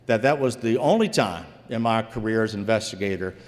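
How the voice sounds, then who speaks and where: A man's voice: fairly low pitch, expressive, fairly quick. Folksy male storyteller on a reverberant stage. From Virginia. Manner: folksy, addresses the audience as folks. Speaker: storyteller, former investigator. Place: live stage before an audience.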